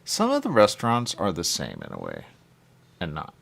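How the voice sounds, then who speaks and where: A man's voice: low voice, huge pitch swings, normal speed, creaky, a bit bright. A man hosting a talk radio show, chatting casually in a rambling way and often checking in with "okay?". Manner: chatty, keeps saying "okay?" and "there you go".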